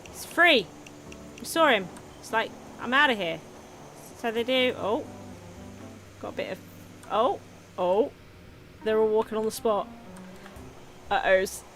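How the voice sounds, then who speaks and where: A woman's voice: fairly high pitch, lively intonation, measured pace, pauses often, fairly bright tone, soft background music. A woman giving casual, chatty commentary while streaming a management game, often giggling and talking to her viewers.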